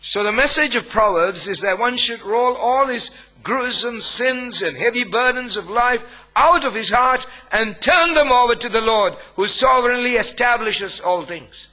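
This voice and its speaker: Man, pastor, sermon, higher voice, emphatic pauses. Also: bright, forceful tone, rough recording. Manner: emphatic preaching with long pauses between phrases.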